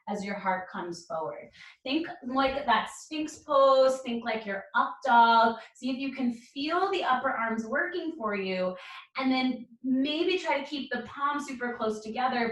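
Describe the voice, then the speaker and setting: A woman leading a yoga class, calling out poses and breaths in calm, encouraging cues. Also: mid-range voice, distant mic. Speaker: yoga instructor. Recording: roomy echo, speaker away from mic.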